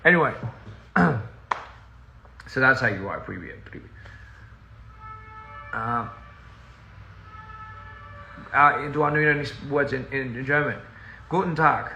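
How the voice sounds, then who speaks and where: A man with a gravelly, bright voice chats loosely on a livestream, drifting off topic and laughing at himself. He is recorded on a phone in a roomy, echoey house with a faint hiss behind him. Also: mid-range voice, slow, pauses often. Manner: rambling, easily sidetracked, laughs often. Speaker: touring musician on a livestream. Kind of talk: casual livestream chat. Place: inside a house.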